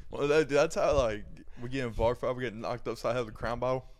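A man's voice: mid-range voice, fast talker. Laid-back joking young man. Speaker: podcast co-host. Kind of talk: casual chat.

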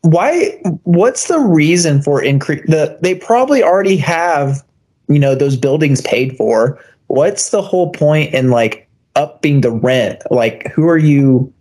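A man's voice: on the high side, expressive, a little slow, a little mellow, breathy edge. A man co-hosting a podcast, laid-back and agreeable in casual chat, laughing often. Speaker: podcast co-host.

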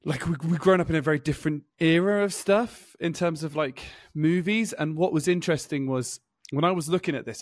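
A man's voice: fairly high pitch, fairly even intonation, brisk, gravelly, dry recording, clean studio sound. A man chatting casually as a podcast co-host, thinking aloud in a reflective, hesitant way. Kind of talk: casual chat.

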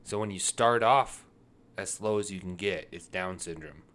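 A man's voice: deep voice, normal speed, a bit bright. A man co-hosting a podcast, joking and laughing through crude casual chat. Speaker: podcast co-host.

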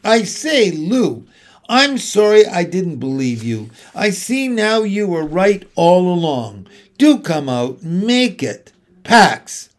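A man voicing a sulky, proud schoolboy who calls out loudly and stammers awkwardly. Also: on the high side, very animated, unhurried, exaggerated voice. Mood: calling.

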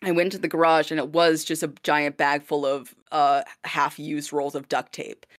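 A young adult woman co-hosting a podcast, telling a story in a casual, lively way and acting out the people she quotes. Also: low voice, moderate pace, no room sound, clean studio sound. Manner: lively, acts out quoted voices, laughs often. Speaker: podcast co-host.

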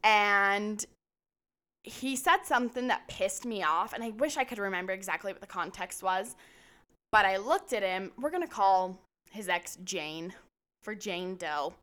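Young woman podcast co-host with a bright, sharp voice, blunt and self-mocking, swears freely. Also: medium pitch, unhurried. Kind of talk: casual storytelling chat.

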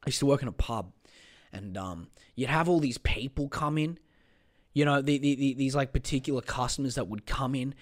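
A man's voice: medium pitch, moderate pace. A man hosting a podcast, ranting in a sweary, exasperated, rambling way. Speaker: podcast host. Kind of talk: casual rant.

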